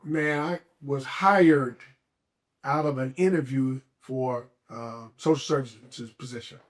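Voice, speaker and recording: Man, podcast guest, casual emphatic storytelling, medium pitch. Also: takes it slowly. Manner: emphatic, often says "man", acts out his own past thoughts.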